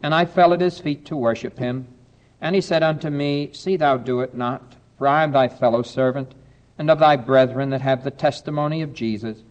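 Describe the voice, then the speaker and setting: An earnest man preaching a sermon to his congregation. His voice sits at an ordinary middle pitch. He reads scripture slowly and deliberately, then slips into light, friendly asides. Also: lo-fi sound. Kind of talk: sermon with Bible reading.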